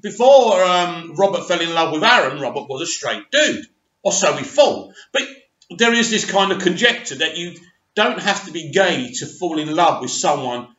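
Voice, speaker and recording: A man giving his animated, emphatic opinions on a soap opera in a casual monologue. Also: a little high. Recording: echoey room, dull lo-fi sound.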